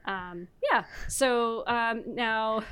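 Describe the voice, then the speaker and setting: A woman's voice: on the high side, drawn-out words, a bit bright, smooth. A woman hosting a podcast, chatting casually about a film with lots of fillers and the odd swear. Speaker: podcast host. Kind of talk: casual chat.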